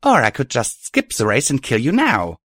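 A man's voice: fairly high pitch, sing-song, normal speed, dry recording, studio quality, voice pushed up. A man voicing a furious, defiant pony heroine. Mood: angry. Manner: angry, snarling, defiant. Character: furious young female alicorn pony heroine. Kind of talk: audiobook reading of fan fiction.

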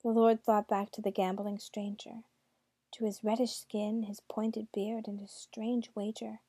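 A woman narrates a storybook in a mellow, dark-toned voice. She breaks off for wry asides to the listener. The sound is dry and close, with no room around it. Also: medium pitch, level tone, measured pace, slightly rough, dry recording.

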